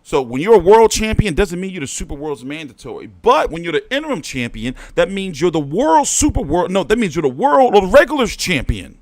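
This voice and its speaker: A man with a high, wildly swinging voice rants about boxing on a livestream, loud and profane. The sound is dry and close, with no room around it. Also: big pitch swings, a little fast, few pauses, dry recording. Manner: profane, heated ranting with swings in pitch and volume. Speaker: boxing show host. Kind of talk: livestream rant.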